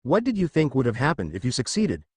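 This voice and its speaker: A man voicing a calm, weary male devil who speaks in a measured, thoughtful way. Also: mid-range voice, slightly rough.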